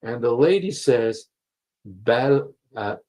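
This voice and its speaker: A male livestream host reads passages and reacts with emphatic repetition and frequent filler words. His mid-range voice is animated yet slow, with a darkish tone. The computer-mic recording is low quality.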